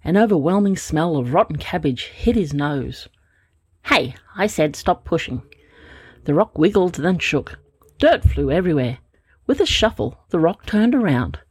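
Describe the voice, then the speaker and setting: A woman reads a storybook in a gentle, expressive way, her voice low and swinging widely up and down. The sound is husky and dry, close to the microphone. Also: moderate pace, no room sound. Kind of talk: storybook reading.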